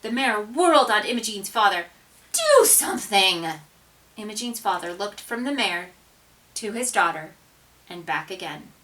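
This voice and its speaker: A woman reading a children's picture book aloud, with expressive, dramatic narration and hushed asides. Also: medium pitch, normal speed, recorded from a distance, low-quality recording. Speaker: storybook reader.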